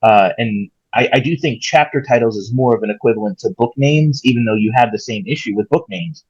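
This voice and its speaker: Husky-voiced man musing on a podcast. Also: medium pitch, brisk, a little mellow, dry recording. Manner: thoughtful, rambling, reflective. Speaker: podcast co-host. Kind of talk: casual chat. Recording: slightly dull lo-fi mic.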